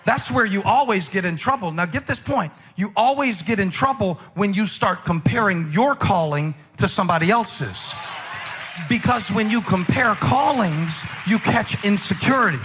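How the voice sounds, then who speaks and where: A man preaching an animated, conversational sermon with jokes and repeated lines for emphasis. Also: sits high, normal speed, a little hiss or hum. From South Carolina, US. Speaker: pastor.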